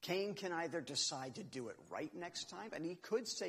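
A man's voice: high voice, very animated, normal speed, few pauses, sharp tone, husky, long reverb tail. A man giving a sermon, explaining Scripture in an earnest, teaching way and reading verses aloud. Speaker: preacher.

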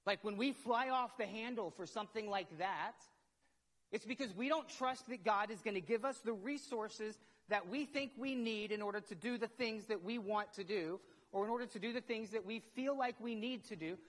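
Middle-aged pastor in a reverberant hall. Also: male voice, high voice, moderate pace, fairly bright tone. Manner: conversational, self-questioning, repeats words when worked up. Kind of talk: sermon.

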